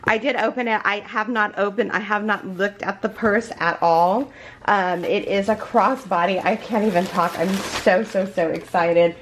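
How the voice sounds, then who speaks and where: A woman vlogging an unboxing at home in a casual chat, gushing and excited, with many fillers and restarts. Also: medium pitch, moderate pace, a little hiss or hum. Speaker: crochet vlogger.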